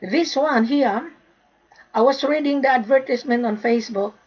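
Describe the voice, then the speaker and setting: Woman from the philippines ranting at buyers on a live video, higher voice, kinda dull lo-fi sound. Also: normal speed, a little mellow. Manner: lecturing, repetitive, scolding. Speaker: gold trade consultant. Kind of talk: direct-to-camera live video rant.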